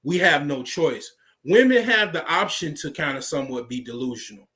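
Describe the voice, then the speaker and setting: A man's voice: a little high, lively intonation, moderate pace, bright, forceful tone. An American man talking in a casual, rambling monologue, full of fillers and profanity. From United States. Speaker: vlogger.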